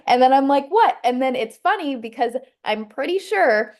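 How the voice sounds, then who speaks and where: A woman's voice: high-pitched, lively intonation, moderate pace, a little mellow. A woman who leads a sales team, giving a casual motivational coaching talk. She rambles in a chatty way, full of fillers and restarts. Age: adult with a child.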